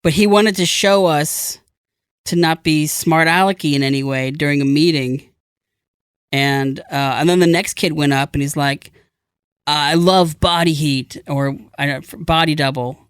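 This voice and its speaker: A man co-hosting a podcast, asking quick questions and telling anecdotes in casual chat. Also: a little high, steady tone, a bit bright, smooth, no echo, studio quality. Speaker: podcast co-host.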